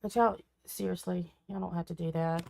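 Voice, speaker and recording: A woman's voice: fairly low pitch, steady tone, moderate pace, creaky, mellow. A woman, a tarot reader chatting casually on a live stream, her voice cracking in and out. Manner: chatty, reads viewer comments aloud, folksy.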